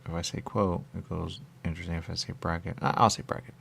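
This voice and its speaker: A man's voice: sits low, flat delivery, quick pace, creaky, a bit bright, slight background noise. A man hosting a radio show, rambling in a loose monologue full of repeated catchphrases and acted-out quotes. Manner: meandering, repeats catchphrases, acts out quoted voices.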